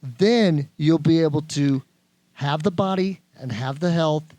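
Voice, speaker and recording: A man with a fairly high voice hosting a podcast, pressing his motivational points again and again with preachy emphasis. He is recorded close and dry. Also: a little slow, dark tone, no room sound. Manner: emphatic, preachy, repeats himself. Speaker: podcast host. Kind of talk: motivational casual chat.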